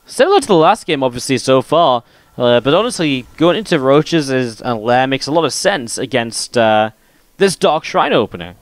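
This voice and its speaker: A man's voice: medium pitch, big pitch swings, moderate pace, no room sound. A man casting a live esports match, calling the play and chatting playfully with viewers between the action. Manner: jokey, playful with the audience. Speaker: esports caster and stream host. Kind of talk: live game commentary mixed with chat banter.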